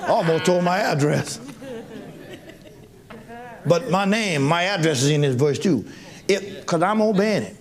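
Male pastor, high lively voice, folksy and exuberant, live sermon with congregation audible. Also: unhurried, pauses often. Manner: exuberant preaching, bursts into shouts and laughter; folksy, talks directly to congregation members. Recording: live church with crowd audible.

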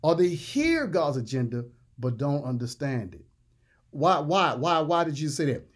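A man preaching with a fairly high voice. He is emphatic, repeats words, and slows right down to stress each line of scripture. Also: sing-song. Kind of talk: sermon.

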